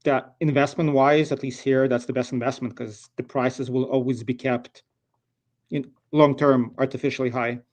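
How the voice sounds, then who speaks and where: An American man from California in a casual group chat, talking in halting bursts full of "like". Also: mid-range voice, little pitch movement. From California, USA. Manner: heavy use of like, halting phrasing.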